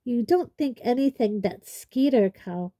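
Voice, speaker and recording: A woman's voice: a little high, animated, a little slow, mellow, no room sound, pitched above the performer's own voice. A woman voicing an earnest, loyal teenage boy in an audiobook reading. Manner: earnest, a little sheepish. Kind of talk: audiobook character voice.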